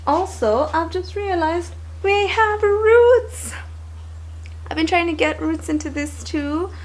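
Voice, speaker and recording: A woman's voice: very high-pitched, slow, slight background noise. A young woman, chatting casually and expressively to camera in a home vlog. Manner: chatty and expressive, with animated asides. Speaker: lifestyle vlogger.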